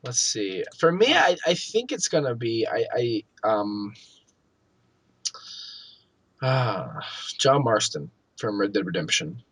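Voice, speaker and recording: A man's voice: medium pitch, big pitch swings, slow pace, long pauses, breathy edge, no echo. A man co-hosting a gaming podcast, chatting loosely with lots of fillers and swearing. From Pennsylvania. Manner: loose, filler-heavy, swearing, bursts into loud mock shouting. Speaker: podcast co-host. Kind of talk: casual chat.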